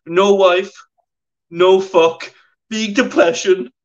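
A man's voice: high-pitched, steady tone, recorded from a distance, muffled recording, voice pushed up. A British man putting on a blunt broken-English Chechen detainee. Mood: blunt complaining. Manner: halting broken English in short chopped phrases.

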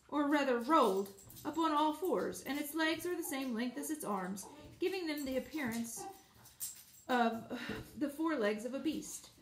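A woman reading a children's storybook aloud, expressive, with casual asides. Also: sits high, roomy sound, slight background noise, poor audio. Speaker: audiobook reader.

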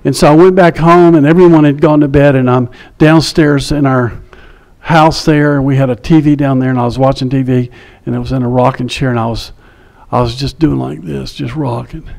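A male pastor telling a personal story in a sermon, conversational, dropping to a hush at quiet moments. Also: medium pitch, fairly even intonation, fairly quick, vocal fry.

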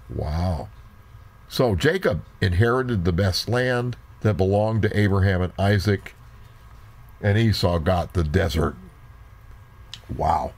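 A man teaching a Bible lesson, reading old scripture slowly and deliberately, breaking off for brief remarks of his own. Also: low-pitched, lively intonation.

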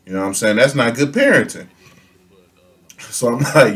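Lively young man telling a comic story. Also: medium pitch, fairly quick. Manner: animated, laughing, slangy, acts out quotes. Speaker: storytelling vlogger. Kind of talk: comedic storytime.

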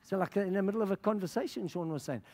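A man's voice: high voice, fast talker, darkish tone. A middle-aged man from Africa, preaching a sermon as a pastor, telling stories with passion and laughter and acting out what people said. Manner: passionate storytelling with laughter and quoted dialogue.

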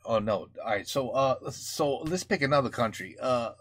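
American man, reaction host, bright tone, close dry mic, talks in fits and starts. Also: mid-range voice, expressive, moderate pace, no room sound. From United States. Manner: thinking aloud, many fillers and restarts. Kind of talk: casual reaction commentary.

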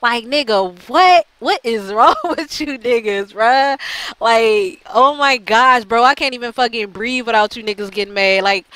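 A woman's voice: on the high side, sharp tone, dry recording, low-quality recording. A woman ranting bluntly in a heated, profane monologue to her channel, full of fillers and restarts. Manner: blunt, heated, heavy swearing; frequent fillers and repeated restarts. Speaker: channel host.

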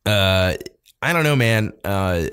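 A man's voice: fairly low pitch, lively intonation, takes it slowly, a bit bright, clean tone. A man co-hosting a podcast, casually chatting about films, laughing often and swearing freely. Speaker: podcast co-host. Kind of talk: casual film review chat.

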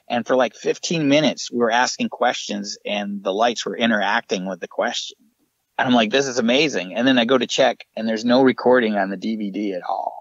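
A man, a paranormal investigator guest on a podcast, telling lively stories and acting out what people said. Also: fairly low pitch, no room sound, highs cut off. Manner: animated anecdotes with acted-out quotes. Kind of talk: casual podcast storytelling.

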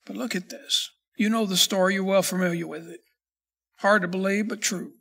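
A man preaching a sermon as pastor, reading scripture slowly and then building in intensity. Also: high voice, steady tone, gravelly, a bit bright.

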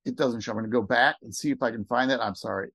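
Excited man walking through a screen share. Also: mid-range voice, gravelly, husky, no room sound. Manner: excited, rambling, talks fast. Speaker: network marketing recruiter.

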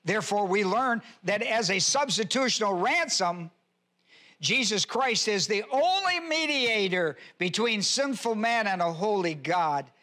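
A male pastor teaching a sermon verse by verse, reading scripture aloud and slowing down to stress key words. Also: sits high, lively intonation, sharp tone. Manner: reads scripture aloud and spells out Greek words. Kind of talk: expository Bible teaching sermon.

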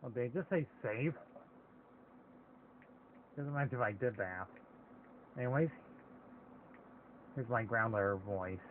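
Game music plays under thin, phone-quality audio with a bit of hiss or hum as a man narrates his gameplay. His mid-range voice moves slowly with long pauses, and his talk is chatty and meandering, hesitant, often stopping mid-thought.

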